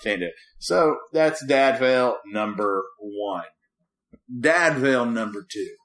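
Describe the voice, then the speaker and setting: A man in his thirties co-hosts a podcast, casually telling a parenting story and acting out the people in it. He's an animated storyteller who laughs and performs the quotes, speaking slowly in a mid-range voice.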